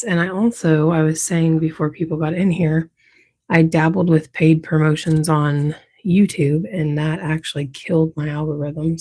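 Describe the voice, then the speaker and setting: Mellow, husky woman in her thirties. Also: fairly low pitch. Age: 30s. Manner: greets viewers, plays with whispering. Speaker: livestream host. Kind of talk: casual live-stream chat.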